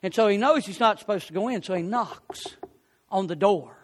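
A man's voice: sits high, moderate pace, big-room sound. A man preaching a sermon, telling folksy stories and rising to fervent appeals.

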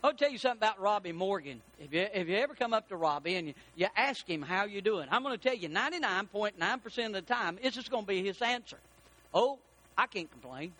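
A man preaching a sermon as pastor, animated and rising to shouts for emphasis. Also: sits high, fast, few pauses.

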